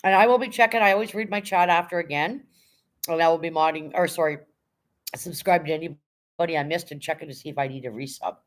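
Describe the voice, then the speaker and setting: A woman's voice: low voice, quick pace. Chatty woman reading her stream chat. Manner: chatty, reads viewer comments aloud and thanks them. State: emotional, near tears when talking about her late dog. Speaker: livestream host reading chat. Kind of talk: casual livestream chat.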